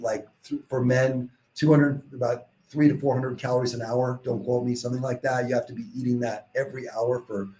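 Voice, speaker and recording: A man telling a long personal story as a podcast guest, rambling and animated, full of restarts and quoted voices. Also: medium pitch. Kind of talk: casual storytelling in a podcast interview. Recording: echoey room.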